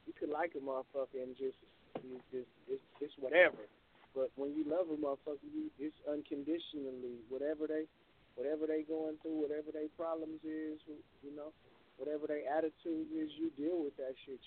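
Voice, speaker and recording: A man's voice: a little high, husky. A man with a Californian accent calling in to chat, laid-back and slangy, laughing often. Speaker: caller. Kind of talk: casual phone call chat. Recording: tinny phone line.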